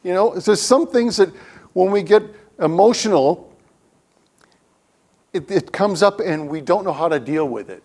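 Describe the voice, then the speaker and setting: A man's voice: a little high, a little mellow. Man giving a jokey sermon. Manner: humorous storytelling, acts out quotes. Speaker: guest speaker. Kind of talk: conversational sermon. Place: church sanctuary.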